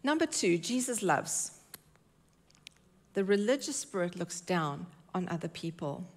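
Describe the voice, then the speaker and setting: A woman's voice: fairly low pitch, lively intonation, a little slow. A woman preaching a sermon in church, earnest and emphatic, repeating her key phrases.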